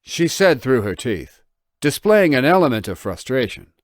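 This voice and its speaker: Guy narrating an audiobook, animated, bouncy delivery. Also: medium pitch, moderate pace, no echo. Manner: lively, expressive reading.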